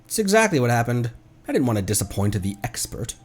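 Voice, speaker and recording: A man's voice: mid-range voice, sing-song, quick pace, husky, faint music behind. A man streaming a game, chatting casually and correcting himself as he goes. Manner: chatty, rambling, self-correcting, laughs easily. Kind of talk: casual gameplay chat.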